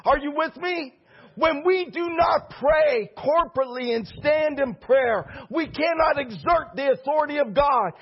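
A middle-aged man, a pastor, preaching a sermon with a husky voice, calling for the congregation's response and building to shouts. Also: extremely high pitch, lively intonation, unhurried, dull audio.

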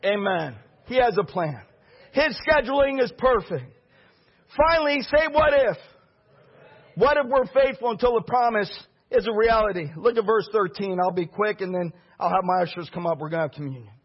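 A middle-aged man preaching a storytelling sermon as pastor, animated and bursting into shouts. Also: sits high, a little fast, slightly rough. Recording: dull lo-fi recording.

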